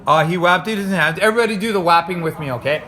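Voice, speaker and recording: A man's voice: high-pitched, rapid-fire, sharp tone. A man from North America reading a children's storybook aloud, chatty and jokey, making the sound effects and commenting as he goes. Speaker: storybook reader. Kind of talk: playful read-aloud with commentary.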